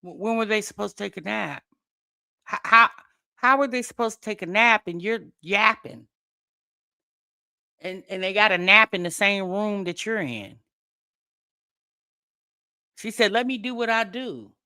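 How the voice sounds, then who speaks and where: A woman's voice: mid-range voice, measured pace, vocal fry, pauses often, bright, forceful tone, no room sound, studio quality. A woman hosting reaction commentary, mocking and picking apart a streamer's words. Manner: mocking, critical. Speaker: commentary host.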